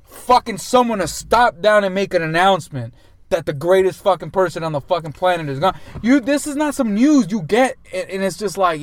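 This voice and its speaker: A man's voice: sits high, expressive, fairly quick, slight background noise. A man co-hosting a podcast, talking in a heated, emphatic way and swearing constantly. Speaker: podcast co-host. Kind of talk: casual podcast chat.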